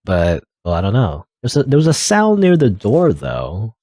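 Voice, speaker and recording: A young man doing let's play commentary, reading game text aloud and musing over it in a halting way with wry asides. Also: lowish voice, wildly swooping pitch, dark tone, dry recording.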